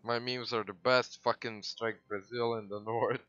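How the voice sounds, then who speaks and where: Excitable swearing man streaming a game. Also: medium pitch, measured pace, dry recording, muffled recording, soft background music. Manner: excitable, swears, sudden loud outbursts. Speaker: gaming livestreamer. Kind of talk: casual gameplay commentary.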